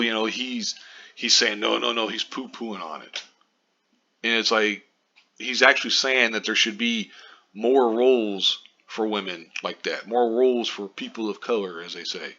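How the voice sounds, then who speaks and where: A man's voice: on the low side, pushed and bright. Exasperated, profane man ranting into a lo-fi mic. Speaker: video commentator. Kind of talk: ranting commentary vlog.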